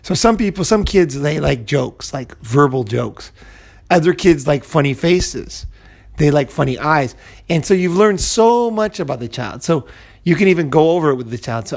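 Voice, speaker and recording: A man's voice: a little high, lively intonation, normal speed, gravelly. A man giving a casual advice monologue as a video host, rambling with many restarts and asides. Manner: rambling, full of restarts and "you know". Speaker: self-help video host.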